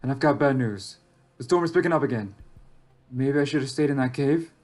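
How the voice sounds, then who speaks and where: A man's voice: mid-range voice, brisk, a little mellow, lightly acted. A man reading aloud as a lost, anxious young survivor in a text game, reflective and wry, with faint game music behind. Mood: wary. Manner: reflective, rises sharply when alarmed.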